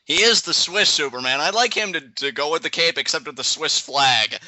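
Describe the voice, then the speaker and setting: A man's voice: on the high side, fairly quick, dry recording, low-quality recording. A man co-hosting a casual live reaction chat, joking and playfully dramatic. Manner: animated, jokey, playfully dramatic. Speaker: guest co-host.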